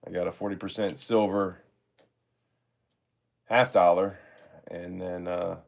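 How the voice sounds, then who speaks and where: A man's voice: low voice, little pitch movement, measured pace, gravelly, lo-fi sound. A man hosting a live-stream auction, chatting in a laid-back way and thanking his viewers often.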